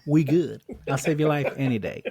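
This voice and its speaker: A man's voice: mid-range voice, normal speed, dark tone, slight background noise. A man co-hosting a casual movie discussion podcast, playful and full of slang, laughing often. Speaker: podcast co-host.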